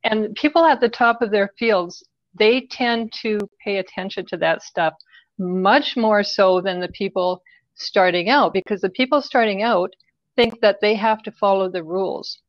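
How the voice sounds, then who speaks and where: A woman's voice: medium pitch, normal speed, dry recording, muffled recording. A woman guest in an interview, explaining her work in a direct, practical way and often checking in with "right?". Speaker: guest business coach. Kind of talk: casual interview talk.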